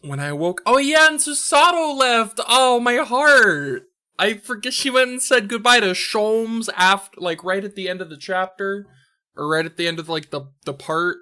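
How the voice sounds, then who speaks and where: A woman's voice: mid-range voice, lively intonation, normal speed, pushed and bright. A woman chatting casually as she streams a story game, rambling with lots of filler words, with game music playing behind. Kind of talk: casual live game commentary.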